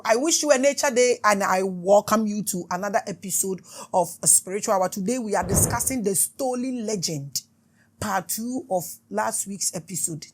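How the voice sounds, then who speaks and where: Impassioned Ghanaian woman, higher voice. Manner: impassioned, repetitive, declaiming. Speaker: spiritual show host. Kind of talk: spiritual talk mixing English and Twi.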